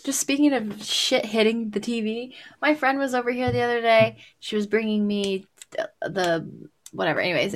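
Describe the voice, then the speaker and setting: A young adult woman in casual chat, telling animated stories with frequent laughter and swearing. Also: mid-range voice.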